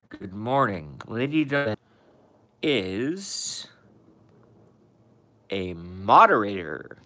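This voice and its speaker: A man's voice: on the low side, slow, long pauses, pushed and bright. A tired man who has been up all night, chatting casually and profanely on a live stream, rambling and talking to his cat and viewers.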